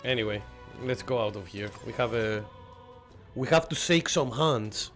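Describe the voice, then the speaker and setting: Animated man streaming a game. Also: mid-range voice, faint music behind. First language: not English. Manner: excitable, chatty, quick to laugh and swear. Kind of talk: live gameplay commentary.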